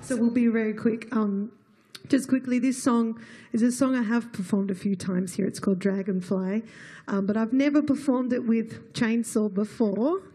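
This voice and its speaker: A woman's voice: on the high side, steady tone, normal speed, mellow, slightly rough. A woman, a singer-songwriter on a festival stage, chatting with the crowd between songs on a stage mic and laughing often.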